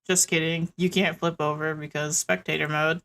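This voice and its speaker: A woman's voice: low voice, flat delivery, normal speed, fairly bright tone. A woman running a tabletop game for her friends, easygoing and chatty. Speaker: game master.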